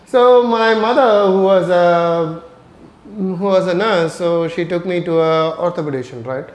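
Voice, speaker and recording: A man's voice: high-pitched, unhurried. Hesitant man telling a story, echoey room. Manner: hesitant, many ums and uhs, tags "right?". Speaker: host of a neurorehabilitation channel. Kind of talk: casual storytelling talk.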